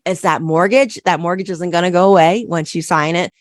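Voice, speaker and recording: A woman's voice: on the low side, fairly quick, no echo. A woman accountant hosting a solo business podcast, coaching listeners and repeating key questions with frequent "right?" checks.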